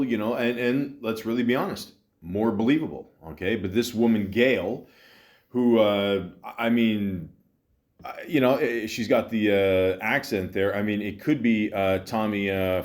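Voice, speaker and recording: A man hosting a podcast, ranting bluntly in casual commentary, swearing and stopping often to fill pauses. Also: fairly low pitch, darkish tone. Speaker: podcast host.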